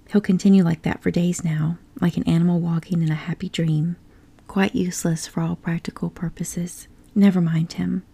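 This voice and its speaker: A woman's voice: on the low side, creaky, warm tone, breathy edge. Woman whispering as a stern water rat, whispered role-play. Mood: firm. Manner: firm, stern, exasperated. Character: stern, practical male water rat, adult.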